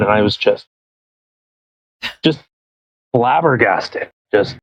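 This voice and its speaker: Podcast dude rambling on, lots of likes and restarts, mid voice, dry sound. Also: male voice, mid-range voice, lively intonation, a little slow, long pauses, no room sound, highs cut off. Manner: rambling, restarts with many fillers. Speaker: podcast co-host. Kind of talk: casual chat.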